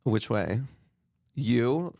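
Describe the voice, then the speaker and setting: Gravelly bawdy man hosting chat. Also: medium pitch, animated, drawn-out words, dark tone, slight background noise. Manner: bawdy, joking, says "honey" often. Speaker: podcast host. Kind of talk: casual chat.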